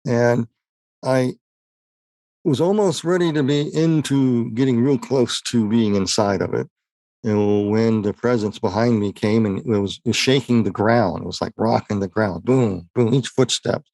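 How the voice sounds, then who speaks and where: Gravelly-voiced man telling a tearful story. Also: medium pitch, darkish tone, no room sound. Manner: halting, repeats words, choked up with tears. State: tearful, voice breaking. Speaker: interview guest. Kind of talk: emotional personal testimony.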